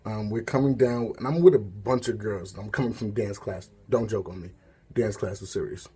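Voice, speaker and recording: Guy with a husky mellow voice rambling thru a story time, lots of "like" and "you know". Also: fairly low pitch, normal speed. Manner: rambling, filler-heavy storytelling with asides. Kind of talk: casual storytelling.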